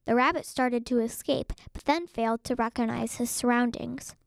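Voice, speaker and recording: A woman narrates a children's storybook in a clear, expressive way. Her voice is somewhat high. The sound is dry and close, with no room. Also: moderate pace, no room sound.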